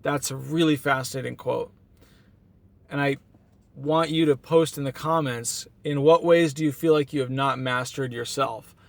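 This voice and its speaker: A man's voice: mid-range voice, steady tone, moderate pace, gravelly, no room sound. A sleep-deprived man giving a casual motivational talk on a one-take vlog, earnest and rambling, psyching himself up. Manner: earnest, self-hyping, rambling with restarts. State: tired from no sleep. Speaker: motivational vlogger. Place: outdoors at a beach town. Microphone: camera mic.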